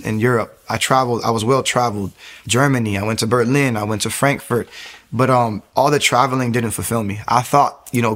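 A man in his thirties giving a personal faith testimony, talking fast, restarting phrases and growing louder and higher at emotional peaks. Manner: fast, rambling storytelling with frequent restarts.

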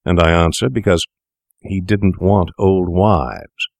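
A man's voice: sits low, fairly even intonation, slow pace, vocal fry, no echo, clean studio sound, full character voice. Man doing a cool, cynical young doctor. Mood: sneering. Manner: cool, sneering, worldly.

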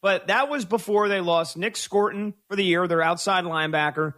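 Hosting sports talk radio with callers phoning in, the man hammers home strong views by lengthening his key words. The pitch runs high and the tone is slightly bright.

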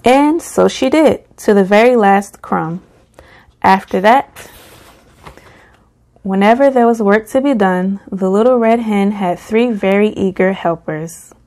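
A woman reading a children's picture book aloud at a slow, gentle pace. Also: mid-range voice. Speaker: storybook reader.

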